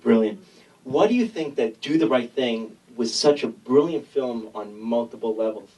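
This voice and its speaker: A man's voice: medium pitch, lively intonation, moderate pace, mellow, recorded from a distance, poor audio. A man asking a question as the interviewer.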